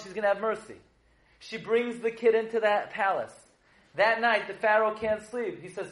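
A rabbi with a high voice tells a lively Torah lesson, mixing jokes and stories and firing questions at his class. He sounds like he is in a roomy, echoing space. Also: moderate pace. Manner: joking, storytelling, quizzes the audience. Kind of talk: humorous Torah lecture. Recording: echoey room.

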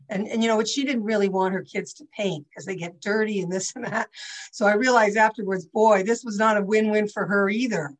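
Leading a class over a video call, an older teacher speaks fairly quickly in a mid-range voice with fairly even intonation. She's chatty and rambling, given to asides, and the audio is poor.

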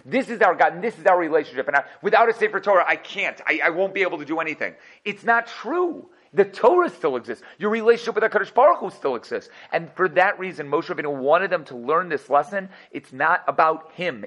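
Fast-talking man teaching Torah. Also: medium pitch, poor audio. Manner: animated, rhetorical questions, laughs often. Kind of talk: energetic Torah class.

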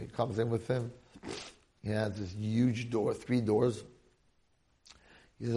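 A man's voice: fairly low pitch, slow, pauses often. A man teaching a Torah class, telling a story animatedly and addressing his listeners. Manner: animated storyteller, talks to audience.

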